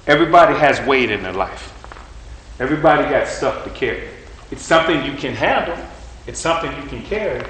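A male preacher giving a sermon while lifting weights, telling a story in an animated way and straining with the effort. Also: on the high side, brisk, echoey room, a little hiss or hum, poor audio. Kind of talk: sermon with a live weightlifting demonstration.

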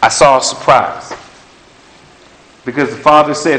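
Here the preacher keeps a steady tone and measured pace, leaving long pauses in his mid-range, fairly bright voice. His sermon with prophetic words is emphatic and conversational, with repeated phrases to press his points, recorded in an echoey room.

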